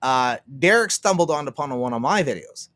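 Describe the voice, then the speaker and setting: Man, from Canada, casual livestream talk, rambling, swears a lot, laughs often, a bit high-pitched, dry sound. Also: animated, a little fast, fairly bright tone, no room sound. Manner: rambling, profane, laughs often, acts out quotes. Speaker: streamer.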